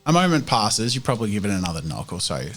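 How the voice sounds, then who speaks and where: A man's voice: on the low side, big pitch swings, quick pace, fairly bright tone, faint music behind. A man narrating a tabletop role-playing game as game master, casual and rambling.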